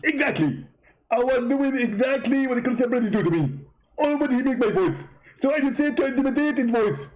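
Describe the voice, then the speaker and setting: A man's voice: animated, brisk, a little mellow, low-quality recording. A man voicing a mocking impression of a boastful, smug male preacher. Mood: gloating. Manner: pompous, gloating, high-pitched.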